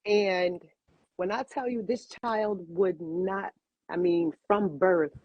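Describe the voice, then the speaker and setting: A woman's voice: fairly low pitch, takes it slowly, breathy edge, no room sound, muffled recording. A woman in her fifties, a cigar bar owner, telling a personal story with feeling as an interview guest and repeating phrases for emphasis.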